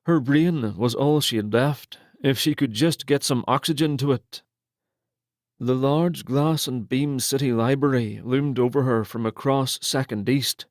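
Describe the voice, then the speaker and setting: A man narrating a romance novel in a steady, measured storytelling manner on a close studio mic. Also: medium pitch, no echo. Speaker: audiobook narrator.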